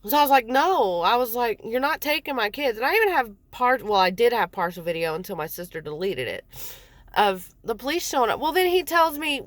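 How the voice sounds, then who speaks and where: A woman's voice: on the high side, sing-song, fairly quick, no echo. A woman in her forties telling her own story in a heated, blunt way, swearing often and acting out what others said. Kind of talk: angry personal storytelling.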